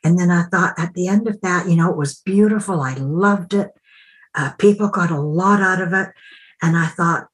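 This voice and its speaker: A woman's voice: lowish voice, moderate pace. A woman who works as a mentor and coach, talking reflectively in an interview and acting out the voices in her stories. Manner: reflective, acts out quoted dialogue. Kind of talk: conversational interview storytelling.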